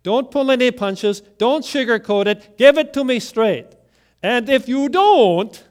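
Man doing a blunt, grave old priest, higher voice, slow. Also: lively intonation, darkish tone. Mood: insistent. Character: aging male priest, grave and resigned.

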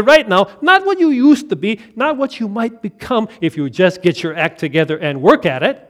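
Animated male preacher, high lively voice. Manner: animated, swings from loud emphatic lines to quiet hushed ones; laughs and asks listeners questions. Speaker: pastor. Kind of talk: sermon.

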